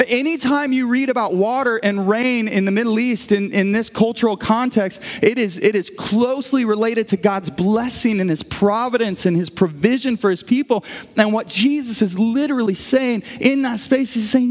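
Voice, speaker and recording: In a large hall, a man with a voice that sits high speaks at a moderate pace. As pastor delivering a sermon in a church auditorium, he tells stories animatedly and often restarts.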